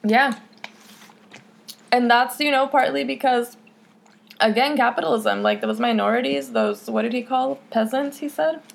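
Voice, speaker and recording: A woman's voice: fairly high pitch, moderate pace, vocal fry, pauses often. A young woman hosting a casual podcast, talking candidly, swearing freely and filling her speech with "like" and "you know". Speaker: podcast host.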